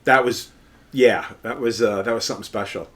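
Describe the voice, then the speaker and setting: A man's voice: medium pitch, fairly even intonation, fairly quick, a bit bright. A man hosting a casual chat with a friend, with an easygoing delivery. He swears freely. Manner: laid-back, swears freely. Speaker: podcast host.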